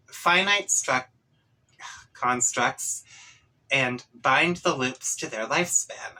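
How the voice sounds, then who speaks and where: A man reads a webcomic aloud with a relaxed, wry delivery. His voice is bright and his pace unhurried. Light asides slip in between the narration. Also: mid-range voice, rough recording. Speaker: webcomic reader. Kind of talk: reading a comic aloud.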